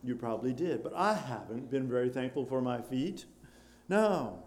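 A man preaching a sermon, switching between loud exclamations and quiet, hushed storytelling, with many questions put to his listeners. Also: mid-range voice, lively intonation, moderate pace. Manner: rhetorical questions to the congregation.

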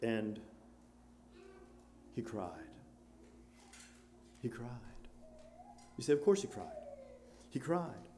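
A man preaching a sermon, switching between loud exclamations and quiet, hushed storytelling, with many questions put to his listeners. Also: medium pitch, very animated, very slow, long pauses, a little hiss or hum. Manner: rhetorical questions to the congregation.

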